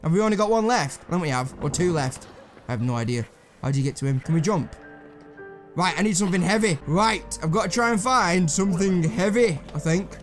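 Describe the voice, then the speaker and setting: A young man chatters through a puzzle game, high-voiced and swinging widely in pitch. He swears freely, mocks his own mistakes and talks back to the characters on screen. Faint game music plays underneath. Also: expressive, brisk. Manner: swearing, self-mocking, talks to himself and the characters. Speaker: gameplay commentator. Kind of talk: casual let's-play commentary.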